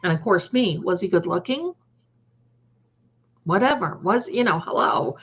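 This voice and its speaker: A woman's voice: medium pitch, animated, measured pace, long pauses, fairly bright tone, slightly rough. A woman hosting a tarot live stream, telling a story to her viewers in a chatty way and calling them by endearments. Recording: dull lo-fi stream audio.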